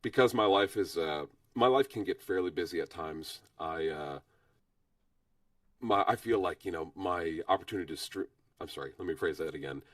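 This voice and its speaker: A man with a husky voice, hoarse from a cold, chatting modestly as a guest on a livestream and pausing often with fillers. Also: low-pitched, lively intonation, dry recording, recorded from a distance. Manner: modest, halting with frequent fillers. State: hoarse from illness. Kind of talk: casual chat.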